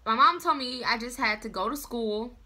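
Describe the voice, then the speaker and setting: A young adult woman telling a story to camera in a casual vlog, with dramatic, animated delivery. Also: a little high, normal speed. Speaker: vlogger.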